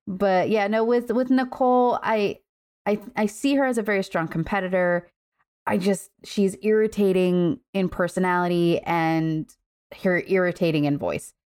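A woman's voice: medium pitch, steady tone, moderate pace, a little mellow, smooth. A woman co-hosting a podcast, blunt and teasing in casual chat. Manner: blunt, teasing, laughing often. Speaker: podcast co-host.

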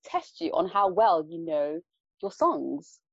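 A woman's voice: lowish voice, very animated, takes it slowly, husky, no room sound, dull audio. A woman hosting an interview in a bubbly, talkative way, often laughing. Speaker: host.

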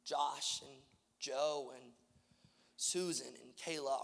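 High, gravelly preaching man. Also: animated, normal speed. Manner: impassioned, repetitive preaching that swings from hushed to loud. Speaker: pastor. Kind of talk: sermon. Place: church auditorium. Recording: long reverb of a large hall.

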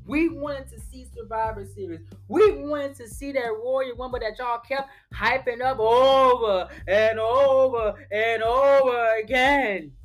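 A man's voice: extremely high pitch, unhurried, hardly any pauses, faint music behind. A man voicing an angry, betrayed longtime male fan who scolds and rants in slang. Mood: ranting. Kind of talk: reading an email aloud in character.

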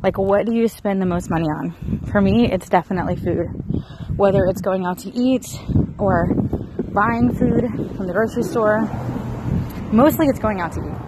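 A woman in her thirties talks to her viewers in a loose, chatty way, her voice jumping up in excited bursts and then settling back down. She sits in an ordinary middle range for her pitch, with a faint hiss of noise and outdoor air behind her. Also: normal speed. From Florida. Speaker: vlogger. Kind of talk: casual vlog chat.

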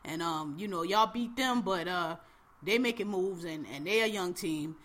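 A woman with a bright, forceful voice co-hosts a casual podcast. She rants profanely in heated bursts and swears freely. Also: lowish voice, moderate pace. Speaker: podcast co-host. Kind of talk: casual chat.

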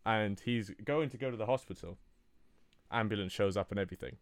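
A man telling an improvised comic story in a rambling, deadpan way, correcting himself as he goes. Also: fairly low pitch, fairly quick, no room sound. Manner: rambling, deadpan, self-interrupting.

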